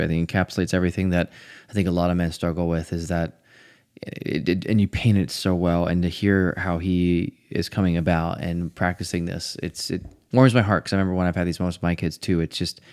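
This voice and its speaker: A man hosting a podcast, reacting to a guest's story with eager, halting comments. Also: low-pitched, fairly even intonation. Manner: warm affirming, quick restarts. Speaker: podcast host. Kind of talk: casual chat.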